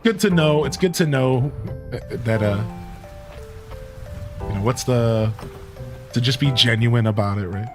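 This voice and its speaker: A man's voice: mid-range voice, measured pace, long pauses, over music. A man from Ohio with a Midwestern accent, a streamer chatting playfully with his live chat while he plays, teasing and laughing often. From Ohio, USA.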